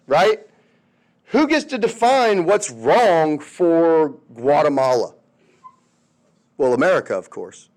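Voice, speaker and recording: A male history teacher giving a casual, conversational classroom lecture, often checking in with his students. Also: on the high side.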